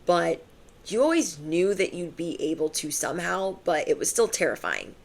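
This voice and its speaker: A woman's voice: fairly low pitch, big pitch swings, normal speed, creaky. A young adult woman giving a channeled tarot reading to her viewers, casual and emphatic, full of slang and fillers. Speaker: tarot reader.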